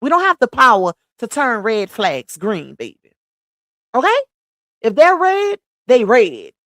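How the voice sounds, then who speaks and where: High lively louisiana woman on a livestream, blunt and emphatic, dry close sound. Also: unhurried, no room sound. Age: adult mother. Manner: emphatic, blunt, talks straight to viewers. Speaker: livestream host. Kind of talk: casual livestream commentary.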